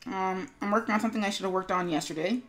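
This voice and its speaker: A woman streaming her animation work races along in a medium-pitched, slightly bright voice. She chats casually to viewers, rambling with lots of fillers and muttering to herself.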